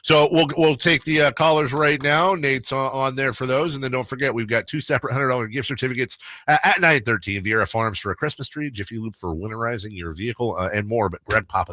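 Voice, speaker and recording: Forceful, blunt sports radio host man. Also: medium pitch, fast, hardly any pauses. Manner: opinionated, blunt, talks through stats. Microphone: studio broadcast mic.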